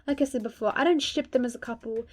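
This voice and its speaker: A woman's voice: on the high side, fast. A young woman giving casual fan commentary, gushing and emphatic, swearing freely. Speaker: video creator.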